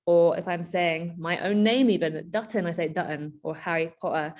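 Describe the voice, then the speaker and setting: A woman giving a conversational keynote to teachers. She is chatty and animated, with frequent asides and fillers. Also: on the low side, moderate pace. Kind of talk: conversational presentation.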